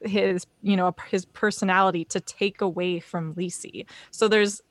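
A woman's voice: medium pitch, fairly even intonation, normal speed, no echo. A woman co-hosting a podcast, thinking aloud in casual chat. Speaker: podcast co-host.

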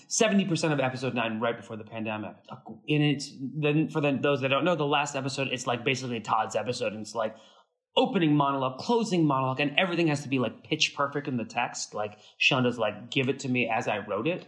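A man being interviewed about his acting work, telling stories in a lively, chatty way and acting out quoted dialogue. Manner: animated, acts out quoted dialogue with big pitch jumps; frequent fillers and restarts, fast bursts. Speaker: actor, interview guest. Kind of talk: casual interview storytelling.

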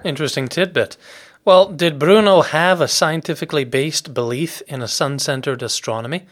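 A man hosting an interview podcast, reading a prepared introduction and measured questions. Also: a little high. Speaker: podcast host.

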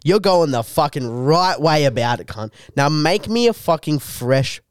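A young man telling a story on a podcast, his voice a touch high for a man. He swears constantly and stretches his rants out for comic effect. The recording is dry and close. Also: lively intonation, clear, resonant tone, no room sound. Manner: profane, drawn-out mock rants. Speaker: podcast co-host. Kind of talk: crude casual banter.

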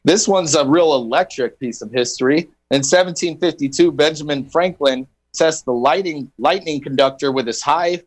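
A man's voice: a little high, normal speed, hardly any pauses, low-quality recording. A man on a radio show reading history items for the day, with playful puns and banter. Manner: punning, playful.

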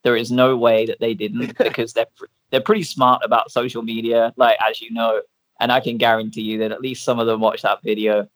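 Brief: male host, easy casual chatter, mid-pitched, dry close mic. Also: little pitch movement, a little fast, no echo. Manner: chatty, laughs often, many fillers. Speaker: podcast host. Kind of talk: casual podcast chat.

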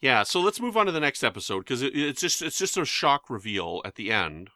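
Podcast co-host: a Canadian man, bright voice, dry close sound, joking and chatty. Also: medium pitch, big pitch swings, brisk, dry recording. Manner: chatty, joking asides, many restarts. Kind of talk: casual chat.

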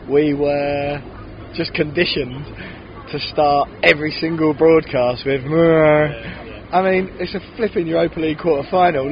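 This podcast host, a man with a fairly high voice, chats animatedly and casually outdoors by a city bar, laughing frequently. The recording has its high frequencies cut off.

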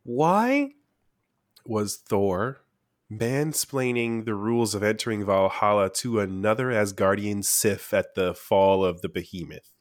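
A man's voice: fairly low pitch, unhurried. A man co-hosting a casual podcast chat, laughing often and making crude jokes. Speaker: podcast co-host.

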